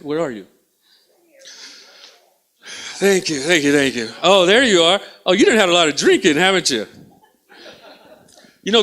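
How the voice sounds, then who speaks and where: A man's voice: fairly high pitch, pushed and bright. A male stand-up comedian teasing and riffing with the audience from a small theatre stage. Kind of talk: stand-up crowd work.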